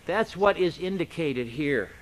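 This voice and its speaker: A man's voice: a little high, expressive, a little slow. A male pastor teaching a Bible passage in a conversational sermon, often checking in with rhetorical questions.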